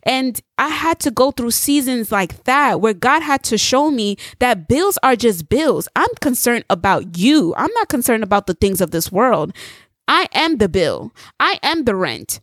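A woman preaching a testimony sermon, telling her story in a lively way and putting questions straight to her listeners. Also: on the high side, unhurried, no echo, clean studio sound. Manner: animated storytelling, acts out dialogue; addresses listeners directly with rhetorical questions.

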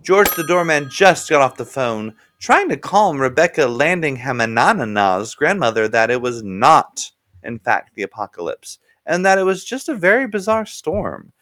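Animated male comedy narrator. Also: medium pitch, normal speed, no echo. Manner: lively, animated, playful. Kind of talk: comic storytelling.

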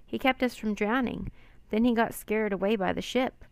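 A woman's voice: mid-range voice, moderate pace, no echo, natural voice. A woman voicing a brave, tender-hearted young girl in a storybook reading. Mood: pleading.

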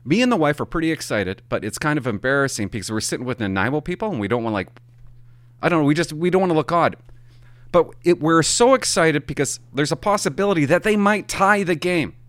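Animated, rambling middle-aged man storyteller. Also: a little high, fast talker, no echo. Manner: rambling, animated, swears for emphasis. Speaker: hockey parent. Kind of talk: casual storytelling monologue.

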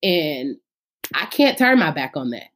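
Fervent low-voiced woman in her thirties. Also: sing-song, measured pace, fairly bright tone. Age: 30s. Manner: testifying about faith with fervor. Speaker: singer and podcast guest. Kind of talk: casual interview.

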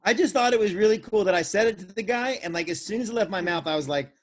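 Animated Florida man telling surf stories. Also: sits high, fast. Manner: animated storyteller who acts out quoted voices. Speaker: podcast co-host. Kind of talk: casual chat, storytelling.

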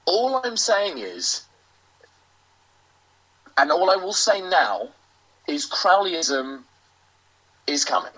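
A British man, a professional wrestler, delivering a grandiose, self-aggrandizing in-character promo with theatrical pauses. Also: high-pitched, big pitch swings, pushed and bright, slightly rough. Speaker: professional wrestler, interview guest. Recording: lo-fi dull audio.

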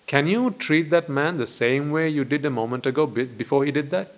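A man, a Buddhist monk, giving a dharma talk in a deliberate way, full of rhetorical questions and repetition. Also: on the high side.

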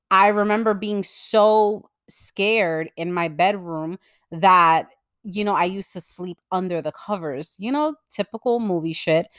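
A woman's voice: fairly low pitch, a bit bright, clear, resonant tone, no room sound, clean studio sound. A young woman hosting a podcast, chatting casually through a personal story with lots of fillers and casual swearing. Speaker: podcast host.

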